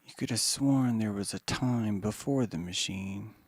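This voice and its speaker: A man's voice: fairly low pitch, measured pace, no echo. Dry-voiced man in a rambling monologue. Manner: animated, swings from hushed to mocking voices; profane. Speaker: podcast host.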